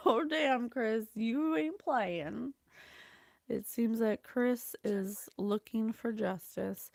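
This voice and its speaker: Effusive chatty woman, high and slow. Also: vocal fry, a little mellow, no room sound, studio quality. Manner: chatty, effusive, laughs often, reads scripture aloud. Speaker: psychic reading host. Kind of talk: casual spiritual livestream talk.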